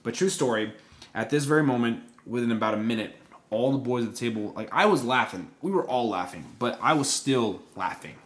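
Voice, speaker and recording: Young male podcast co-host, mid-pitched voice, rambling storyteller full of fillers. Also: a little fast. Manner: animated storyteller, many fillers and restarts. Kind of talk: casual chat storytelling.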